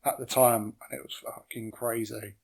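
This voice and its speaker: A man's voice: medium pitch, steady tone, moderate pace, creaky, darkish tone, breathy edge. A man, a house DJ guest on a podcast, talking keenly and swearing freely. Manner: enthusiastic, swears often. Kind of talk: casual chat.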